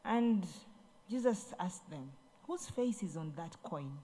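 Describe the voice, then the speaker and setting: A woman's voice: mid-range voice, lively intonation, slow, warm tone, slight background noise. A woman, a government minister, giving a ceremony speech, telling Bible stories in a preachy way and repeating herself. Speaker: guest speaker, government minister. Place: large event hall.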